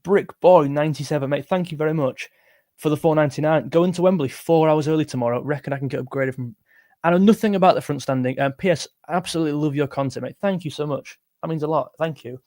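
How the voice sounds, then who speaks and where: This English music livestream host, a young man, has a fairly high voice that is a little mellow, and he speaks quickly. He chats casually in a rambling, self-interrupting way, reading viewer comments with a weary voice.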